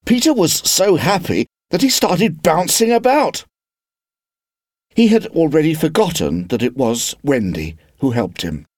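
Slow, expressive male storyteller. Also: on the high side, no room sound, clean studio sound. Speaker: reader of a lesson text. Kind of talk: expressive read-aloud narration.

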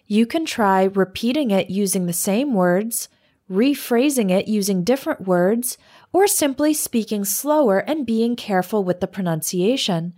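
A woman reading a scripted English lesson in a clear, measured way, slowing down for the example phrases. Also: mid-range voice, darkish tone. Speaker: English teacher.

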